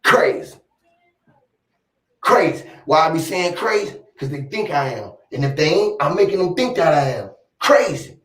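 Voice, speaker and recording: A man with a fairly high voice rants in a loose, boastful and profane way, circling back on his points. He sits back from the microphone, and the room rings around him. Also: very animated, normal speed, few pauses, fairly bright tone, far from the mic. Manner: boastful, profane, rambling and emphatic. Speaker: vlogger. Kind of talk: casual rant to camera. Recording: roomy echo, off-mic.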